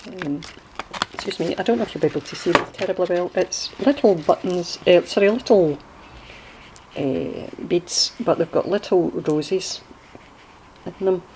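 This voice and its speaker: Low-voiced chatty Scottish woman. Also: background noise. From Scotland. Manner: chatty and digressive, explaining local sayings. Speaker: crafter showing a handmade journal. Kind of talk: casual show-and-tell video.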